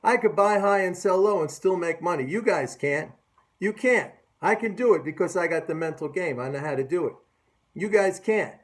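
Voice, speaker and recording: A middle-aged man with a notably high-pitched voice delivers a loose, sarcastic rant about the market. He mocks his audience, hammers his points home by repeating them, and talks like a seasoned trader. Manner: sarcastic and mocking; emphatic, repeats phrases. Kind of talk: casual market commentary rant.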